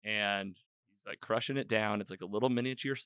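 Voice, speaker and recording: Bright-voiced man recapping a show. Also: on the low side, brisk, clean tone, no echo, studio quality. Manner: loose and rambling, acts out quoted lines, lots of "like". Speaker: podcast host. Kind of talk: casual chat recapping an episode. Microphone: own podcast microphone.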